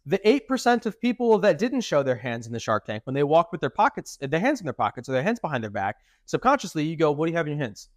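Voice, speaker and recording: A young man co-hosting a podcast, explaining ideas in a casual, teaching manner and shifting his pitch up and down to show his points. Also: very animated, fast talker, few pauses, dry recording, studio quality. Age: young adult. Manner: explanatory, demonstrates intonation with his own voice. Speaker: podcast co-host.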